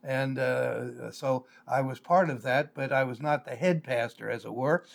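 Older male pastor teaching scripture on a live stream, measured and explanatory, pausing often on "uh". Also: mid-range voice, vocal fry. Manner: measured, explanatory, with frequent "uh" fillers.

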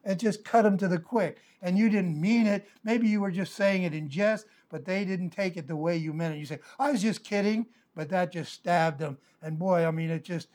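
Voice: mid-range voice, darkish tone. A Bible teacher preaching a sermon, explaining the meaning of Greek words with homely everyday examples. The delivery is earnest, with occasional light chuckles. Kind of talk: sermon with verse-by-verse Greek word study.

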